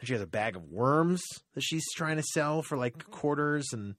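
A man's voice: fairly high pitch, moderate pace, no echo, clean studio sound. Profane rambling man. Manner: profane, rambling, animated retelling with many fillers. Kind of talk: casual storytelling rant.

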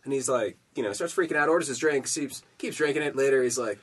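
A man's voice: mid-range voice, quick pace, husky. A man casually telling long jokes on a podcast, rambling with fillers and acting out the characters. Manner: rambling storyteller full of fillers, voices characters. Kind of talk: casual joke-telling chat.

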